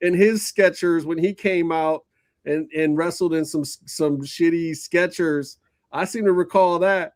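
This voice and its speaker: A man's voice: fairly high pitch, steady tone, measured pace, no echo. A man co-hosting a wrestling podcast, in casual chat, teasing and slipping into a mock promo voice. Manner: joking, mock promo voice, busts balls. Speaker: podcast co-host.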